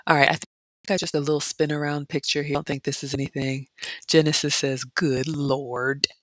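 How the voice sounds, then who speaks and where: A woman vlogger chatting casually and reading viewer comments, dropping into excited whispers. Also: low voice, a little fast, no room sound. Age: adult mother. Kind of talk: casual chat narrating photos, reading live comments.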